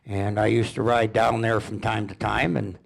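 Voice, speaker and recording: An older man from Alberta telling rambling, folksy stories at a public presentation, unhurried and chuckling. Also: lowish voice, little pitch movement, gravelly. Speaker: local storyteller.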